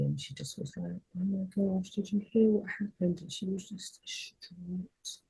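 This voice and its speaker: A woman's voice: low-pitched, vocal fry, warm tone, husky, rough recording. A woman, a spiritual reader telling an emotional personal story in a rambling, heartfelt way on her vlog.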